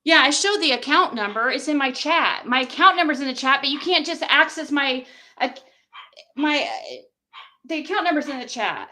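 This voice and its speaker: A woman's voice: high-pitched, lively intonation, moderate pace, pushed and bright. A woman livestreamer in a heated, profane rant, talking straight to her chat.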